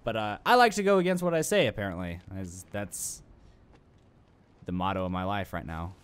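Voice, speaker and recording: A man's voice: on the low side, expressive, normal speed, clean tone. A young adult man giving let's play commentary, rambling and self-mocking and talking back to the game. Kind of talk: gaming commentary.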